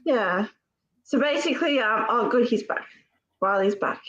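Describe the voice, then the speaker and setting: An Australian woman co-hosting a live stream over a video call, chatty and quick to laugh. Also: on the high side, muffled recording, very noisy. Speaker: livestream co-host. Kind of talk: casual live-stream chat.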